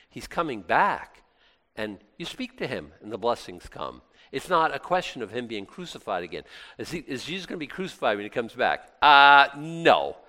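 A male pastor delivers a sermon in an animated, chatty way, breaking off and restarting with exclamations. His voice swings widely up and down. It echoes in a hall with a long tail. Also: medium pitch.

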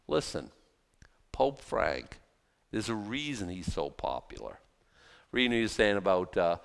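A man preaching a sermon as pastor, talking in an animated, conversational way with mocking asides. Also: lowish voice, measured pace, vocal fry, long pauses, clean tone, in a large hall.

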